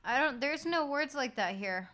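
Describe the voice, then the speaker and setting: A woman's voice: high-pitched, lively intonation, moderate pace, bright, forceful tone. A woman live-streaming from her desk late at night, very tired, rambling and swearing as she works. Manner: swearing, rambling, laughing at herself. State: very tired, drowsy. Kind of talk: casual live-stream chat while working. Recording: faint background noise.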